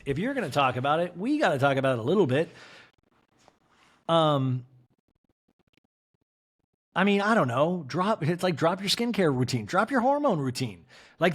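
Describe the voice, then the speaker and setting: A man hosting a podcast, recapping reality TV in a campy, theatrical way and mimicking the cast. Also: fairly high pitch. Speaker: podcast host.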